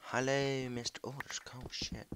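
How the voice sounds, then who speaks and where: Foul-mouthed man yelling at game monsters. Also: medium pitch, flat delivery, a little slow, noisy background. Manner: swears freely, yells at game monsters, mutters under breath. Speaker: video host. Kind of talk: casual gameplay commentary.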